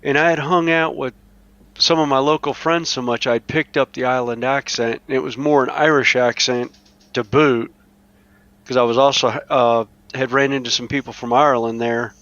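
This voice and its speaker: A man's voice: mid-range voice, fairly even intonation, normal speed, fairly bright tone, no room sound, highs cut off. A man from the Carolinas with a Southern US accent tells rambling stories full of fillers and restarts in a casual group voice chat. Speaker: chat participant. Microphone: online voice chat mic.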